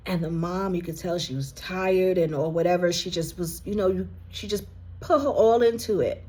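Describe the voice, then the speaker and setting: A woman with a low, mellow, slightly husky voice gives an emotional reading to the viewer. She talks slowly and earnestly, addressing "you" directly. At times she is moved close to tears. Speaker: intuitive card reader.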